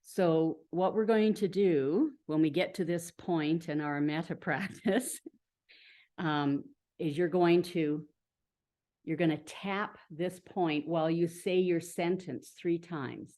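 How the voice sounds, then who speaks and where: A woman with a low voice leads a group through a meditation exercise. She talks informally and chattily over a video call, with plenty of fillers and easy laughter. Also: slow, mellow. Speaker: meditation teacher. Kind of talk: casual instructional talk guiding a group practice.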